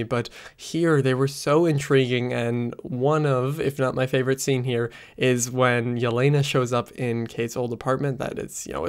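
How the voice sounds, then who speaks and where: Rambling man reviewing a show. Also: medium pitch. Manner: rambling, lots of "like" and "uh" fillers. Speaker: film and TV reviewer. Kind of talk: casual spoken review. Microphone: USB desk microphone close up.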